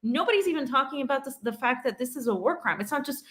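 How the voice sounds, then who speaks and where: A woman's voice: high-pitched, animated, quick pace, a bit bright, low-quality recording. A woman co-hosting a political commentary show who explains earnestly, with frequent fillers. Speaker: co-host.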